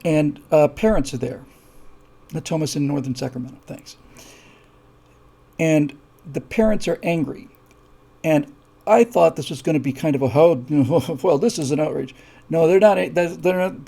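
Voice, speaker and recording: A man with a fairly high voice and a gravelly edge hosts a live show. He tells his story with many fillers and restarts. His voice moves from low, quiet asides to heated, repeated emphasis. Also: moderate pace, long pauses. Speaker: show host.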